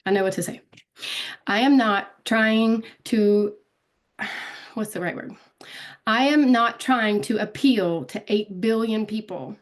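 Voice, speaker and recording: A woman's voice: medium pitch, slow pace, pauses often. A woman giving a casual live online training on social media, talking directly to viewers and calling them out by name. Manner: chatty, calls out viewers by name.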